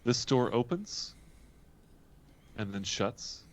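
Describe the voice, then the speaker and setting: A man running a tabletop game as game master, laid-back and animated as he narrates and makes rulings. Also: mid-range voice, takes it slowly.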